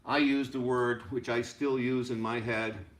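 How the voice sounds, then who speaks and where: A man teaching a rhythm lesson as a music teacher, chanting rhythm syllables over and over in a steady beat. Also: medium pitch, a little slow. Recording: echoey room.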